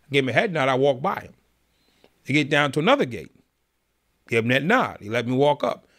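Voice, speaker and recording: A man calmly and vividly telling a story in an interview, in a streetwise manner. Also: medium pitch, fairly quick. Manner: calm, streetwise, vivid retelling. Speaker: guest.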